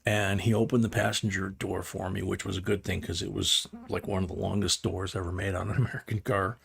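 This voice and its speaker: An older man hosts a live stream, speaking fairly quickly in a deep, gravelly voice with flat delivery. He rambles casually through a story, chuckling and starting his sentences over.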